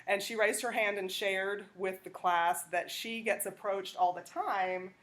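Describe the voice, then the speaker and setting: A woman's voice: medium pitch, fairly even intonation, measured pace, a bit bright. A woman lecturing a classroom, talking conversationally and checking in with "okay?". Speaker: teacher.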